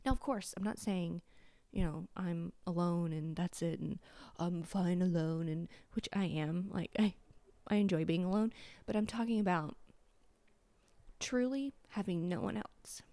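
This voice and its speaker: A woman's voice: fairly low pitch, a little slow, mellow, no room sound. A woman in her thirties hosting a confessional solo podcast from home, tearful and sniffling, candid and blunt. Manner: candid, blunt, swears freely. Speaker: podcast host.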